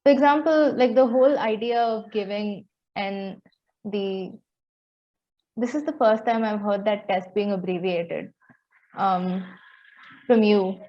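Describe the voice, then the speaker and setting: A woman's voice: medium pitch, fairly even intonation, slow pace, long pauses. A woman hosting a podcast, speaking hesitantly and searching for her words in casual conversation. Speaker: podcast host. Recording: dull lo-fi audio.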